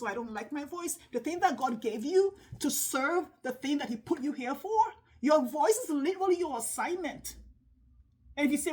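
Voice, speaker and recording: A middle-aged woman giving an earnest, faith-based motivational talk as a sales coach, speaking emphatically with dramatic pauses like a preacher. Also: high voice, expressive.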